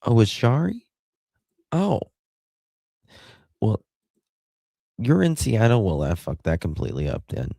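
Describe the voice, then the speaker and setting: An American man hosts a livestream at a measured pace, his medium-pitched, dark voice full of vocal fry and huge pitch swings, broken by long pauses, in a dry recording. Reading viewer comments casually and affectionately, he laughs often and thanks people by name.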